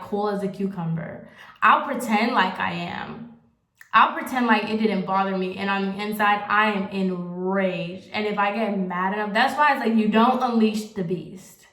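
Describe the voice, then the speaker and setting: A young woman talks straight to the camera in a loose, confessional ramble, leaning on "like" again and again. Her voice sits at an ordinary middle pitch, and the room around her rings with a noticeable echo. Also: fairly bright tone. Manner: rambling, candid, heavy use of "like". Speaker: vlogger. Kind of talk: casual confessional chat. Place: at home, getting ready on camera. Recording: roomy echo.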